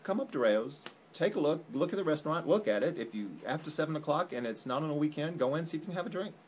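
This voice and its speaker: A man's voice: a little high, expressive, quick pace, a little hiss or hum. A man co-hosting a casual vlog, telling a rambling, joking story, filmed on a phone at home. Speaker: vlog co-host. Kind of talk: casual chat. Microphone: phone camera.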